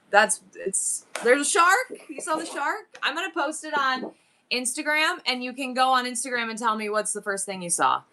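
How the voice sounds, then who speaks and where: Woman doing a casual live stream, excitable, bouncy pitch all over the place. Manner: excitable, exclaiming, thinking aloud with numbers.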